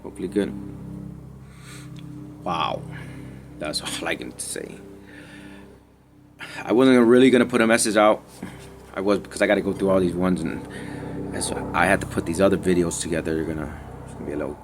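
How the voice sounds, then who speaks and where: A man doing a casual spiritual reading vlog, talking in meandering, trailing phrases with frequent sighs, swinging between loud remarks and hushed asides. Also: low-pitched, brisk, pauses often, noisy background. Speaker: spiritual reader. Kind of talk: rambling casual tarot vlog.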